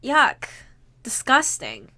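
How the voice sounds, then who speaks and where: A woman streamer talks casually to her viewers, answering their messages as they come in. Her voice sits a little high and has a bright, sharp edge. She reacts loudly, with exclamations and laughter. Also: wildly swooping pitch, extremely slow. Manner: reads viewer messages aloud and answers them. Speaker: livestreamer. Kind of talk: casual livestream chat.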